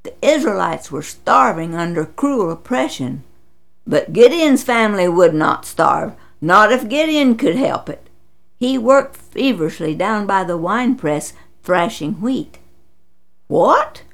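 A woman narrating a Bible story with dramatic, expressive delivery. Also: a little slow, vocal fry. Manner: dramatic, voices quotes with big pitch swings.

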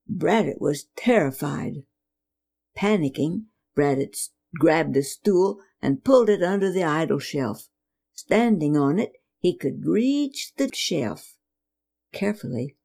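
A woman reading a children's story aloud, expressive with dramatic pauses. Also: medium pitch, gravelly.

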